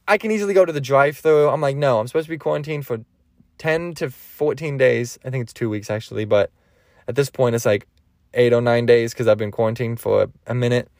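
A young man hosting a solo podcast, rambling excitably and swearing freely as he tells a story from a parked van. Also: mid-range voice, no echo, studio quality. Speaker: podcast host.

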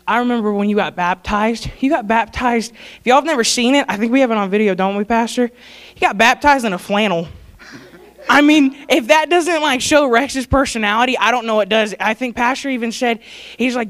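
A woman's voice: a little high, fairly quick. A young woman giving a heartfelt, rambling tribute at a church service, laughing and fighting back tears. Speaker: church staff speaker honoring graduates.

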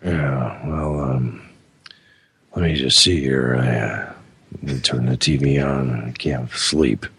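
A man's voice: a bass voice, slow, creaky, fairly bright tone, husky, no echo, pitched below the performer's own voice, heavily acted. A man doing an impression of a sleepless aging male movie star, mumbling and grumbling. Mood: grumpy.

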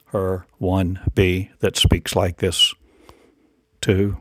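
A man's voice: low-pitched, completely flat delivery, drawn-out words, a bit bright, no echo. A man delivering a rambling spiritual monologue in incantatory, repetitive declarations and rhetorical questions.

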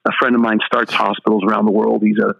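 Animated older pastor telling a story. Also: male voice, fairly low pitch, quick pace, gravelly, dull audio. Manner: animated storyteller acting out dialogue. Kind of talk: storytelling interview guest.

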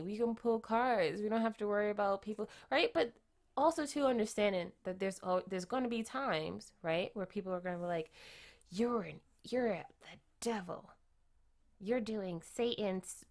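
A woman giving a casual tarot reading, chatty, often tagging her points with quick questions and repeating herself. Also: mid-range voice. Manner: chatty, keeps adding "right?" tag questions; repeats and restarts phrases. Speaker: tarot reader.

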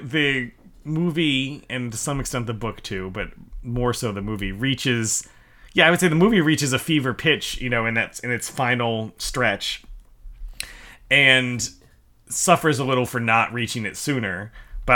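A man chats loosely on a podcast, his voice bright and forward. He circles his points, restarting sentences as he goes. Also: mid-range voice, normal speed. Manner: rambling, many restarts and laughs. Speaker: guest. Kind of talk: casual podcast discussion.

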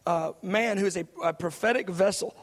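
A man's voice: high-pitched, normal speed. A man in his thirties preaching a sermon, telling a story in an earnest way with many fillers and restarts. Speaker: pastor. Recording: long reverb of a large hall.

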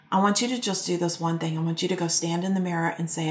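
Calm woman life coach in a roomy space. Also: fairly low pitch. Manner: calm, reflective, coaching with slow pauses. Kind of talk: guided self-help talk to listeners.

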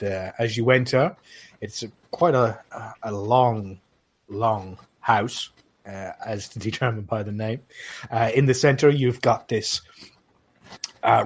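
A man narrating as game master for a tabletop role-playing game, hesitating often with fillers. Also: lowish voice.

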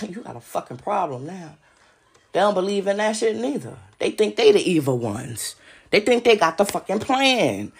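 A woman with a low, gravelly voice rants through a casual podcast monologue. She speaks straight to her listeners, swearing often and sounding worked up. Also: lively intonation, moderate pace. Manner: agitated and profane, addressing listeners directly. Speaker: podcast host.

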